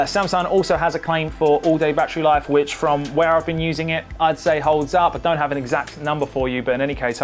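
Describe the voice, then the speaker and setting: Man, tech reviewer, casual product overview, conversational, light music underneath. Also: mid-range voice. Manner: relaxed, conversational, frequent "uh" fillers.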